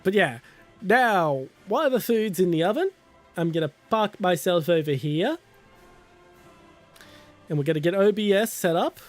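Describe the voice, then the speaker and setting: Giggly high-voiced male streamer. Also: lively intonation, moderate pace, pauses often, faint music behind. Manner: giggly and chatty, swears casually. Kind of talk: casual live-stream chat.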